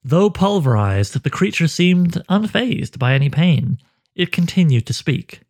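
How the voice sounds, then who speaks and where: A man narrating a dark fantasy story with a measured, dramatic delivery. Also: fairly high pitch, big pitch swings.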